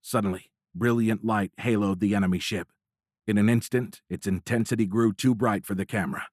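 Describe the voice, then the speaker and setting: A man narrating a military thriller audiobook in a measured, dramatic reading, recorded close. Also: fairly low pitch, steady tone, dry recording. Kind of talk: scripted narration. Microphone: close studio mic.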